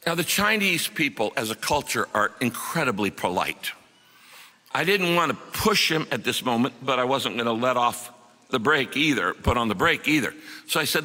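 A man's voice: mid-range voice, animated, normal speed, sharp tone, big-room sound. A middle-aged man preaching a sermon, telling a story earnestly and acting out the quotes.

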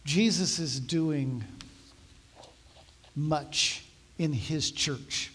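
A male pastor preaches a sermon, speaking straight to his congregation. His voice is a touch higher than most men's. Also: extremely slow, a bit bright, husky. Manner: preaching, direct address to the congregation.

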